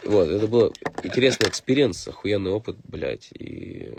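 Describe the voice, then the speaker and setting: A man's voice: lowish voice, big pitch swings, a little fast, creaky, few pauses, a little mellow, a little hiss or hum. A man with a Russian accent, hosting a casual livestream from a recording studio, talking loosely with lots of swearing and laughter. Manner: loose and profane, laughs often. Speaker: stream host and rapper.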